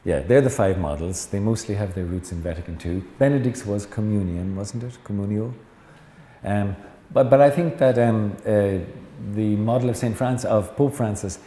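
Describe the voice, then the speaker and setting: The speaker, a middle-aged Irishman and Jesuit priest, has a lowish, mellow voice. He tells anecdotes and teases his audience during a relaxed, chatty lecture, captured in a hall with echo and faint noise.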